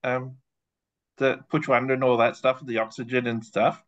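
A groggy man on a video call, speaking haltingly after anaesthesia. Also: medium pitch, level tone. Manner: halting, trailing off. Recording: dull lo-fi call audio.

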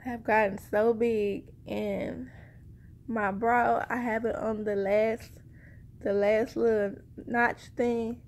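A woman's voice: fairly high pitch, flat delivery, slow. A woman chatting casually to her viewers in a rambling, conversational way, a little short of breath. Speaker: vlogger sharing a pregnancy update. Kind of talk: casual chat to camera.

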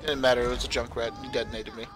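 A man's voice: medium pitch, fairly even intonation, racing, fairly bright tone. A young man streaming a game with a friend, chatting casually, laughing and swearing freely. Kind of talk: casual gaming chat.

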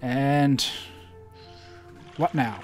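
A man's voice: medium pitch, very slow, a little mellow, faint music behind. Man musing aloud over a game. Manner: thinks aloud with hesitant fillers. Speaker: let's play gamer. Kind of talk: casual gameplay commentary and reading dialogue aloud.

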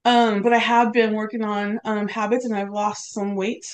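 A middle-aged woman, a podcast guest, recounting a personal story with feeling and lively retold quotes. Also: mid-range voice, moderate pace, slight background noise. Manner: emotional, quotes others in lively retellings.

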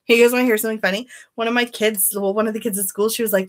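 A woman's voice: a little high, steady tone, very fast. Lady doing a chatty beauty livestream, says hi to viewers by name, pretty blunt about stuff. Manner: chatty, greets viewers by name, candid opinions. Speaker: beauty live streamer. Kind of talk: casual live-stream chat.

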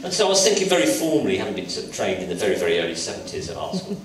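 This man speaks very fast in a lowish voice, with background noise. He's an English sculptor in his sixties, invited as a guest artist, performing anecdotes on a college lecture hall stage and animatedly doing the voices in his stories, recorded at a distance in an echoing hall.

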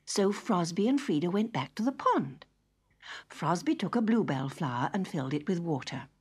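A woman narrating a children's story in a gentle, expressive read-aloud manner. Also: on the low side, moderate pace, breathy edge.

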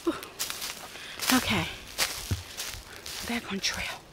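This woman talks extremely slowly amid background noise. She's a vlogger doing a casual walk-and-talk, out of breath on outdoor trails, holding her phone and chatting to viewers along the way.

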